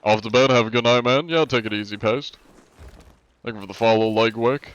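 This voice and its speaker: A man's voice: medium pitch, fairly even intonation, brisk, a bit bright, clean tone, no echo, muffled recording. A man chatting casually and joking around while streaming a game. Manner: joking, playful, talks while playing. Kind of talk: casual live-stream chat with role-play.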